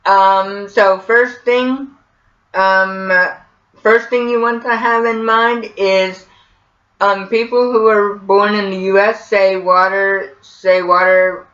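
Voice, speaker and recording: An American man talks slowly through a casual how-to vlog. He hesitates and repeats himself in a bright voice. The recording is dull and lo-fi, with a roomy echo. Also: high-pitched, steady tone. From United States. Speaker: vlogger.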